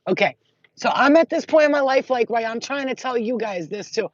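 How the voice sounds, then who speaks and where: A woman's voice: fairly high pitch, lively intonation, a little fast. A woman vlogger talking in a blunt, profane, rambling casual monologue. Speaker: spiritual vlogger. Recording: dull lo-fi audio.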